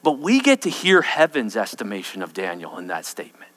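A man's voice: lowish voice, huge pitch swings, a little fast, a bit bright, long reverb tail. A man preaching an expository sermon, emphatic and often checking in with his listeners.

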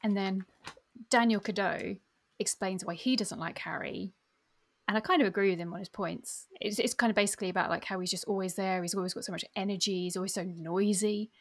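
A woman chats about a novel on a podcast, opinionated and friendly, often ending remarks with a question. Her voice has a gravelly fry at the ends of phrases. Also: mid-range voice, fairly even intonation, brisk. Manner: chatty and opinionated, trailing questions. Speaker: podcast co-host. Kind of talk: casual book chat.

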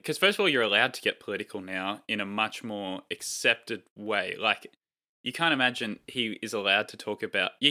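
A man's voice: lowish voice, bright, forceful tone. A man co-hosting a casual chat, rambling with many fillers. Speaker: podcast co-host.

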